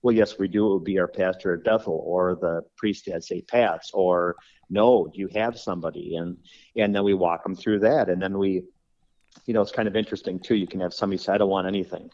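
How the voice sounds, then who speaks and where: Funeral director podcast guest, low voice, rambling anecdotes, dull lo-fi sound. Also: male voice, steady tone, brisk, darkish tone. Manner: rambling storyteller, acts out quoted dialogue. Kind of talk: podcast conversation.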